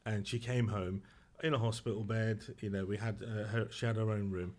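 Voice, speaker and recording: A middle-aged man, a podcast guest telling a personal story in a subdued, halting, emotional way with restarts. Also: fairly low pitch, fairly even intonation, a little mellow.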